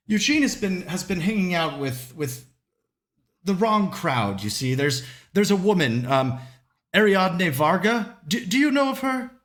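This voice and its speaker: A man's voice: high-pitched, sing-song, takes it slowly, a bit bright, voice pushed up, heavily acted. A man doing a fidgety, nervous rich mother, voice raised above his own. She halts, stammers and repeats words as she pours out her worries. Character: anxious wealthy middle-aged mother, fidgety.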